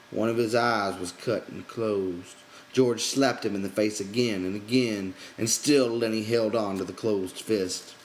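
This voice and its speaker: A man reading a novel aloud in measured audiobook narration. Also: on the low side, slight background noise, rough recording. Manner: measured storytelling. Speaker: reader.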